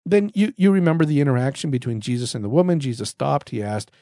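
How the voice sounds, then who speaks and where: A man's voice: mid-range voice, animated, brisk, hardly any pauses, dark tone, dry recording, studio quality. A man giving earnest, conversational Bible teaching on a podcast, repeating himself and restarting phrases as he goes. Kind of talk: casual spoken Bible teaching.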